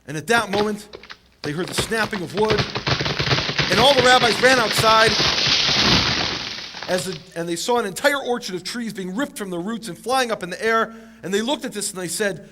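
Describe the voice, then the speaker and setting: A man telling a story in a sermon, animated, acting out the quotes with big jumps in pitch and chuckling along. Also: a little fast. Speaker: teacher of the Bible.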